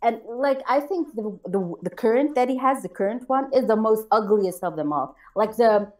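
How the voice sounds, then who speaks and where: A woman's voice: on the high side, expressive, moderate pace, darkish tone. A woman co-hosting a casual chat show, ranting defiantly and swearing heavily as she talks about her critics. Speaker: co-host of a call-in chat show.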